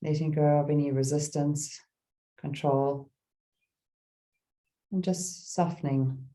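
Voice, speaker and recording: A middle-aged woman guides a meditation and reads a poem aloud, her voice slow, soothing and broken by gentle pauses. It sits low, with fairly even intonation.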